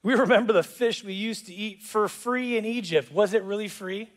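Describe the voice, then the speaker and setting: A man preaching a sermon as pastor, animated and jokey, acting out voices in quotes. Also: sits high, normal speed. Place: church auditorium.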